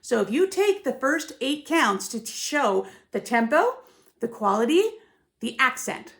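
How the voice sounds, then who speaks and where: Emphatic ballet teacher woman, fairly high voice. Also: big pitch swings, a little slow, fairly bright tone. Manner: emphatic, musical, often checks in with "yeah?" and "right?". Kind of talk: teaching tips to camera, with sung counts.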